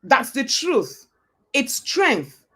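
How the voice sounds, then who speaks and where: A woman with a fairly high voice delivers a motivational talk. She hammers each point home by repeating it and throwing rhetorical questions at the listener. Her delivery has a preacher's cadence. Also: very animated, extremely slow, fairly bright tone. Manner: emphatic and repetitive, with rhetorical questions; preacher-like, quotes scripture. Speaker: motivational speaker.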